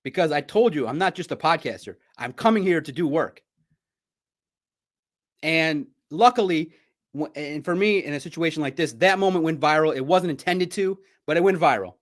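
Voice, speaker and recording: Animated, boastful male podcast host. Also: on the high side, moderate pace. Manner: boastful, repetitive, trash-talking. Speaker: sports podcast host and reporter. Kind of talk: casual podcast monologue.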